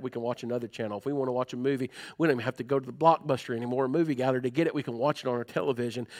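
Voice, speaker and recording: A middle-aged man, preaching a sermon in a church with animated, folksy storytelling and humor. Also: mid-range voice. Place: church sanctuary.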